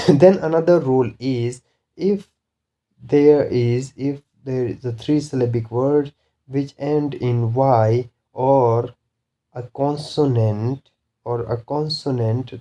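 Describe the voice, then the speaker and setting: A man teaching an English pronunciation lesson, speaking deliberately and repeating each example word, with an occasional cough. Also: mid-range voice, dark tone, lo-fi sound. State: coughing now and then. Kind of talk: recorded lesson.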